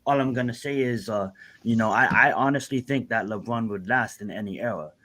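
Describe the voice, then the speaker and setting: A man's voice: mid-range voice, fairly quick, a bit bright. A man with an ordinary mid-range voice joins a casual sports debate. He hedges and restarts, conceding points before offering his own view. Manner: conciliatory, hedging, restarts often. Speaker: podcast co-host.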